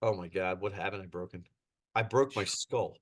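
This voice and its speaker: A middle-aged man, a podcast guest, telling stories in a lively casual way, laughing and acting out quotes. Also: deep voice, moderate pace. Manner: animated, laughs through his stories, acts out quotes. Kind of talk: casual storytelling.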